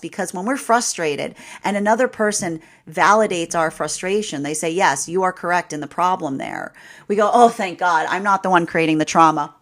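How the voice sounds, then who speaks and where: A woman tarot reader giving a live daily reading, chatty and repetitive, laughing often and asking "right?". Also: mid-range voice.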